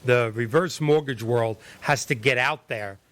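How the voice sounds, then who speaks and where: A man hosting a panel discussion, asking energetic, rapid-fire questions. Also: medium pitch. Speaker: show host.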